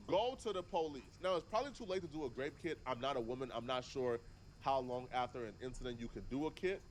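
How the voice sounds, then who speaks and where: A man giving reaction commentary in a measured, deliberate way, laying out his argument step by step. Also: mid-range voice, slight background noise.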